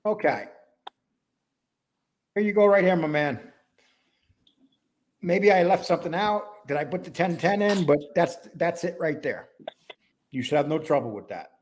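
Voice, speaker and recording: A man's voice: on the high side, lively intonation, unhurried, pauses often, a little hiss or hum. A man from New York with a New York accent blended with a Wisconsin one, hosting a casual podcast in a rambling, talkative way that jumps between topics. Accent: New York mixed with Wisconsin. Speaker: podcast host.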